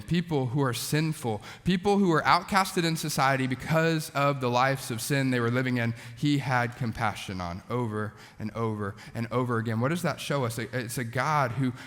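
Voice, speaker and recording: A man in his thirties, a youth pastor, preaching to students in a conversational, animated way with casual asides. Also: medium pitch. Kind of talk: sermon to students. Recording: long hall reverb.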